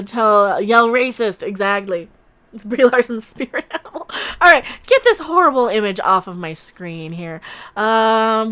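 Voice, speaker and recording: A woman's voice: a little high, a bit bright, clean tone. A woman hosting a live-stream commentary, sarcastic and mocking, laughing often as she reacts to her chat. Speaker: online commentary host.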